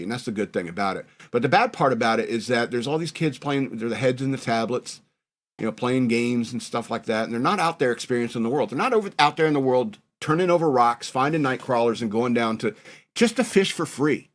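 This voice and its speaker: A man's voice: mid-range voice, animated, fast. Rambling man reminiscing on a podcast. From northern New York. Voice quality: rambling, laughing at himself. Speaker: podcast host. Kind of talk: casual reminiscing chat.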